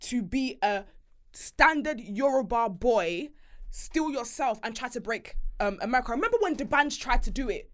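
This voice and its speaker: A woman's voice: fairly high pitch, expressive. Talkative woman hosting a casual podcast. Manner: talkative, teasing, quick interjections. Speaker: podcast host. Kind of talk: casual chat.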